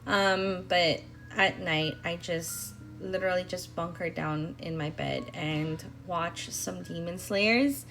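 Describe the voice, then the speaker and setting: A young woman with a fairly low voice, chatting in a voice-over as she walks through her planner pages. She rambles, tripping over words and filling gaps with "um", while soft music plays faintly underneath. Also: slow pace, gravelly, hardly any pauses. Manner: rambling, with many fillers and restarts. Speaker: planner vlogger.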